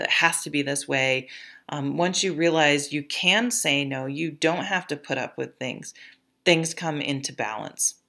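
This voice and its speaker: Low-voiced woman giving a chatty tarot reading. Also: creaky, a bit bright. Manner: chatty, many fillers and restarts; laughs at her own stories. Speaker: tarot reader.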